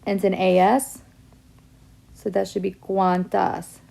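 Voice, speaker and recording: Gravelly-voiced woman teaching Spanish. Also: mid-range voice, level tone, slow pace, warm tone. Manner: explains step by step, mixing English and Spanish examples. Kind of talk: classroom lesson video.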